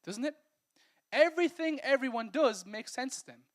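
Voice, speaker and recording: Brief: high-pitched male preacher, playful and conversational delivery. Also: animated, normal speed. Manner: humorous, conversational, acts out scenes. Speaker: pastor. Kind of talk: sermon.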